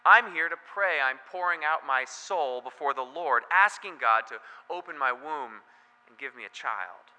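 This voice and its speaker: A man voicing a deeply troubled woman who earnestly pleads that she is only praying, in an echoey hall. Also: expressive, a little slow, bright, forceful tone, full character voice. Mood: pleading.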